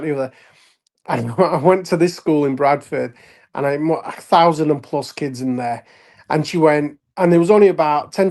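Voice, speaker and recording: Yorkshire man telling lively stories. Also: on the high side. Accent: Yorkshire English. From Leeds, England. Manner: animated anecdotes with frequent laughs and acted-out quotes. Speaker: guest, wrestler and actor. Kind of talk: casual storytelling chat.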